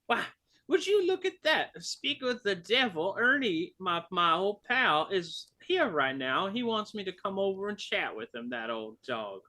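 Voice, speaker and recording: A man's voice: sits high, animated, a little slow, hardly any pauses, bright, forceful tone. A man playing a glib, mock-polite character in a tabletop game. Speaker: player. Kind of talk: in-character tabletop role-play.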